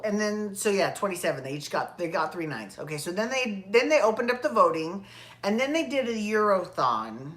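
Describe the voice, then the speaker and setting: A woman's voice: medium pitch, fairly bright tone. A woman hosting her own show, talking alone in a chatty, rambling way, swearing freely and correcting herself as she goes. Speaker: podcast host. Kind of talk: casual solo commentary.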